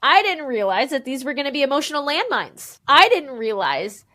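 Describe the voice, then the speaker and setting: A woman in her thirties, a podcast guest telling her own story in an animated, emphatic way, acting out what others said to her. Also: sits high, normal speed. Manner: animated, emphatic, quotes people in voices. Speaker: podcast guest, memoir author. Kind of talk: candid conversational storytelling.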